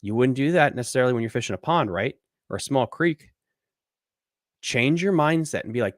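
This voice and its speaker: A man's voice: mid-range voice, expressive, a little fast, no room sound, clean studio sound. A man hosting a live fishing podcast, ranting bluntly and swearing casually as he answers listener questions. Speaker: podcast host. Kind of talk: casual live-stream rant and Q&A.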